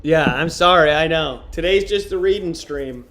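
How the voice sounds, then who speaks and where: A man's voice: fairly high pitch, moderate pace, a bit bright. A young man streaming, chatting crudely and joking between read-aloud book passages. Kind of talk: casual livestream chat and reading aloud.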